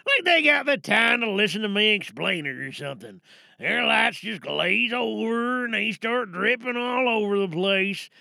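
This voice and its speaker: A man's voice: high-pitched, very animated, moderate pace, gravelly, pushed and bright, no echo, full character voice. A man voicing a weary, complaining male machine in an audio comedy sketch. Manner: complaining, wordy.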